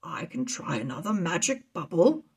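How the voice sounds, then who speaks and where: A woman reading as a calm old wizard. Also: lowish voice, moderate pace, gravelly, husky, heavily acted. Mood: urging.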